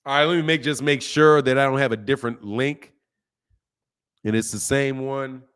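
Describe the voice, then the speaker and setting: A man's voice: mid-range voice, fairly even intonation, normal speed, fairly bright tone, clean tone. A middle-aged man hosting a casual live stream, talking loosely in slang and reading viewer questions aloud. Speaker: host of a boxing channel live stream.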